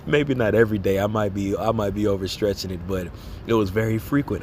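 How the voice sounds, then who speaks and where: A man's voice: lowish voice, fast, a little mellow, slight background noise. A man giving an informal religious exhortation, talking casually in slang, tagging lines with "man" and "okay?" and laughing as he acts out reactions. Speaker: lay preacher.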